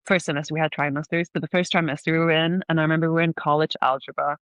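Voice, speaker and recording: She has a low voice and talks very fast, with no room sound. A young woman from Sweden with a Swedish accent, she's a guest on a podcast via remote call, telling lively stories in casual conversation, full of "like" and frequent laughs.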